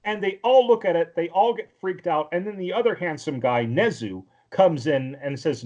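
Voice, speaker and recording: A man's voice: on the high side, animated, normal speed, hardly any pauses, darkish tone, highs cut off. A man co-hosting a podcast, recapping a cartoon episode in casual chat that rambles with lots of filler words. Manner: rambling, with many fillers and restarts. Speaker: podcast co-host.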